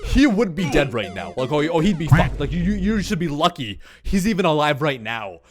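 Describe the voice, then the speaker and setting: A man putting on a tactless male emergency-room doctor who blurts out news far too loudly, in a comic storytime vlog. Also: sing-song, normal speed, a crowd in the background. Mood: blunt. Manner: booming, blurting out bad news.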